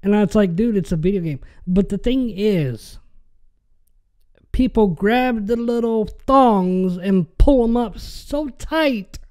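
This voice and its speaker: Young male podcast host, high-pitched and unhurried, exasperated ranter who swears and repeats himself. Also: darkish tone. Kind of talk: ranting podcast monologue.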